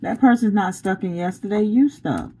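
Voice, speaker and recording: A woman's voice: mid-range voice, moderate pace, dark tone, husky, poor audio. A woman giving a casual spiritual pep talk as a tarot reader, blunt and preachy, laughing often and using slang.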